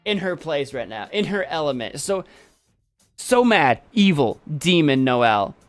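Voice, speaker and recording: A male streamer hosts casually and playfully, laughing often as he remarks on viewers' pet photos. His fairly high voice is sing-song at a normal speed, with faint music in the background.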